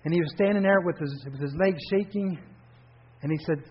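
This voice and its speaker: A man preaching a sermon, telling a parable with earnest, animated storytelling. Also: on the high side, brisk, breathy edge. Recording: dull lo-fi recording.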